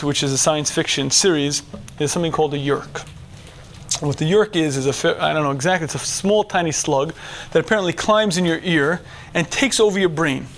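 A middle-aged man giving a religious lecture to men, animated, dropping to a hush and then shouting as he acts out inner voices. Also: on the high side, creaky, a little hiss or hum. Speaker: religious teacher. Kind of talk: lecture to a men's audience.

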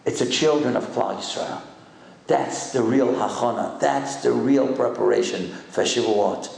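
Older man preaching, gravelly and echoey. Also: medium pitch, a little slow, darkish tone. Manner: impassioned storyteller, exhorting with rhetorical questions. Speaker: rabbi. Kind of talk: sermon. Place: hall with a congregation. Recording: echoey room.

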